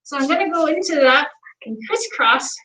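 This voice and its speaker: A woman with a put-on Southern US accent teaching oil painting in a soft, folksy, gently joking livestream lesson in the manner of a TV painter. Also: high-pitched, expressive, moderate pace. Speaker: painting instructor. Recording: noisy livestream audio.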